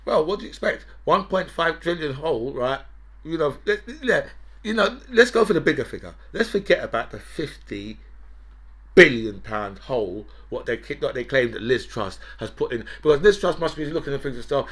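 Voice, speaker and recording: A man's voice: on the high side, lively intonation, normal speed, a bit bright. A man hosting a political commentary show, ranting in a mocking, profane, gloating way.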